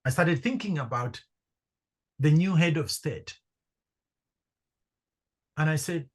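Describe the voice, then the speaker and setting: A middle-aged man from Zambia, a podcast guest telling a personal story with lively acted-out dialogue. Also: fairly high pitch, slow pace, pauses often. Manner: animated storyteller acting out quoted voices. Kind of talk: storytelling in conversation.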